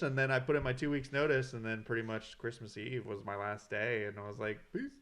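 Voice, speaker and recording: Man with a lowish voice telling a work story. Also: quick pace, few pauses, a bit bright, slight background noise. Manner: swears a lot, storytelling with quoted dialogue. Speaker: podcast co-host. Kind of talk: casual chat.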